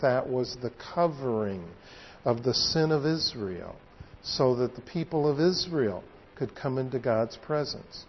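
A man preaching a sermon, explaining scripture in a deliberate way and stressing key words. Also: medium pitch. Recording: dull lo-fi church hall recording.

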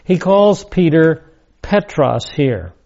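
A man teaching a Bible study lecture, speaking deliberately and emphatically, repeating key words. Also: fairly high pitch, lively intonation, vocal fry, dark tone, dull audio.

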